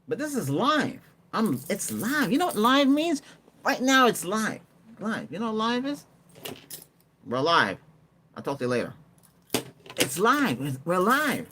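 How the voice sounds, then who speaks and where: Chatty man with a lively voice. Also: a little high, slight background noise. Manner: rambling, chatty, answers viewer comments, laughs often. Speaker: livestream host. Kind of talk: casual livestream chat.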